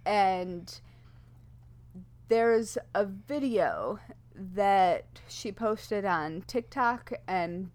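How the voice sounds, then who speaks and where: Very slow and expressive, a medium-pitched woman co-hosts a podcast with playful, casual chat. Her rhyming intro is read hushed and spooky.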